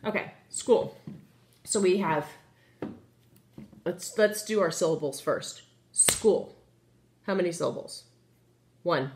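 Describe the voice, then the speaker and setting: A woman's voice: fairly low pitch, slow pace, pauses often, a little mellow, slight background noise. A woman teaching a children's phonics lesson, patient and encouraging, asking the class questions as she writes on the board. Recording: echoey room.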